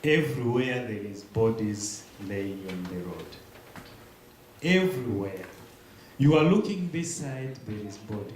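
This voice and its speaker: A young man giving a church testimony, telling his story slowly and haltingly with pauses and restarts. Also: lowish voice, lively intonation, darkish tone. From Democratic Republic of the Congo. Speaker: guest speaker. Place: large echoey church hall. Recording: very echoey room, faint hiss.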